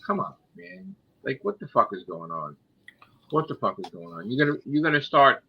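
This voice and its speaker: A man's voice: medium pitch, sing-song, moderate pace, creaky, dull audio, background noise. An American man ranting in a casual chat, swearing a lot. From United States.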